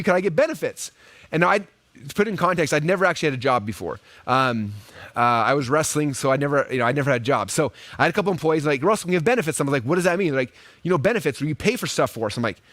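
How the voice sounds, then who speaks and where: A man in his thirties teaching a live online marketing webinar, telling stories quickly and with energy, often checking in with "right?" and "okay?". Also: on the high side, dry recording. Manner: fast, energetic storytelling with lots of "right?" and "okay?".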